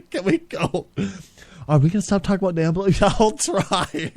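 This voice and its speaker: Male comedy host, high and very animated, bickering and cursing, leaps between squeaks and growls. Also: moderate pace. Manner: flips between squeaky outbursts and low grumbling, swears a lot. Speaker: podcast host.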